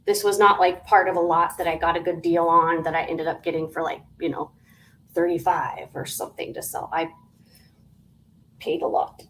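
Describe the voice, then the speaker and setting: A woman selling jewelry on a live stream, chatty and unhurried, dropping to soft half-whispers and breaking into sing-song greetings. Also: fairly low pitch, level tone, a little hiss or hum, rough recording. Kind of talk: live auction sales stream.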